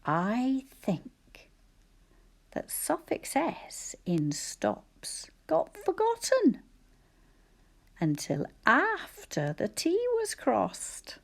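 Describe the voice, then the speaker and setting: A woman teacher dictating spelling sentences slowly and carefully, often whispering the sounds and syllables of words. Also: high voice, wildly swooping pitch, gravelly. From Scotland. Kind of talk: slow spelling dictation lesson.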